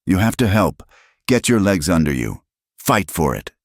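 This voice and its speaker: A man voicing a determined young frontier woman who talks in a low, calm, coaxing way, read as a storybook. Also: moderate pace, no echo, clean studio sound, heavily acted. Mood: urging. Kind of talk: storybook narration.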